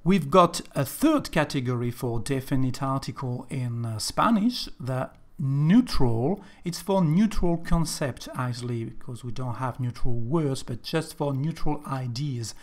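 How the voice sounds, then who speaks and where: Slow-paced male language teacher. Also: medium pitch, animated. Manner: slow, careful explaining, slightly non-native English phrasing. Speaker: Spanish teacher. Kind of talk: language lesson narration.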